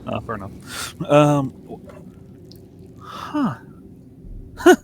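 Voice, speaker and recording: A man's voice: fairly high pitch, wildly swooping pitch, extremely slow, gravelly, slight background noise. A man playing his character in a tabletop game, musing and trailing off. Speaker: player.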